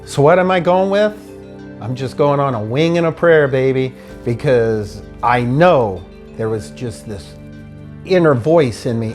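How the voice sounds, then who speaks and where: Animated man retelling a personal ordeal. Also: medium pitch, a little slow, faint music behind. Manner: animated, frustrated retelling with quoted dialogue. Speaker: storyteller. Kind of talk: personal storytelling.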